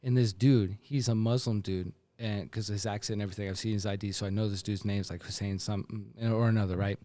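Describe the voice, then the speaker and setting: A man co-hosting a podcast, telling a story from work in animated casual chat, saying bro and dude. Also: lowish voice, quick pace. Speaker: podcast co-host.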